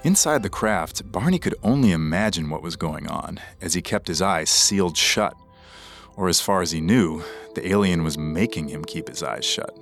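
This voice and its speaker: A man with a very low voice tells a true story in scripted podcast narration. His delivery is measured and dramatic. Soft music plays faintly underneath. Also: lively intonation.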